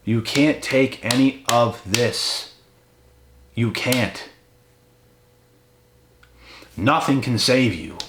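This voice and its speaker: A man's voice: fairly low pitch, lively intonation, a little slow, long pauses. A man giving a blunt, profane, confrontational motivational rant straight at his viewers. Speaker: motivational channel host. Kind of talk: ranting motivational monologue. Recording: echoey room with faint noise.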